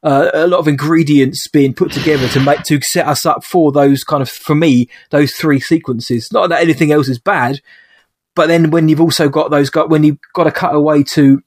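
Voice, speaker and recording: Man, fairly high voice, dry close sound, podcast co-host, casual film chat, rambling, restarts sentences, joking. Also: steady tone, normal speed, no room sound. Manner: rambling, self-correcting, joking.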